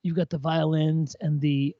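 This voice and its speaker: A tipsy man chatting casually on a livestream, giving blunt, profane, excitable feedback on a viewer's composition. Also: fairly high pitch, normal speed, dry recording. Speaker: co-host reviewing viewer compositions. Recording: dull lo-fi dry sound.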